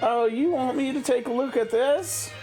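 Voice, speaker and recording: A man's voice: extremely high pitch, moderate pace, music in the background, pitched above the performer's own voice. A man voicing a sweet, bubbly young woman traveler in a game, gushing and polite. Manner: gushing, polite, wide-eyed.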